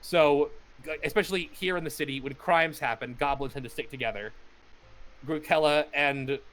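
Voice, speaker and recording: A man narrating a tabletop game as game master, halting speech with many fillers and restarts. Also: on the high side, fairly bright tone.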